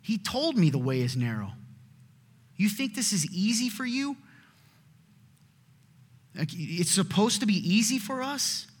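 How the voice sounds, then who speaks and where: A man preaching a sermon, passionate, swinging between emphatic and hushed delivery. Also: sits high, very animated, unhurried, long pauses, breathy edge. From Southern United States. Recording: reverberant hall.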